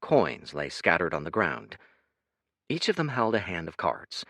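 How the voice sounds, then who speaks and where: Give me a deep male narrator with a lively, animated delivery for an audiobook. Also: a little slow, dry recording, studio quality.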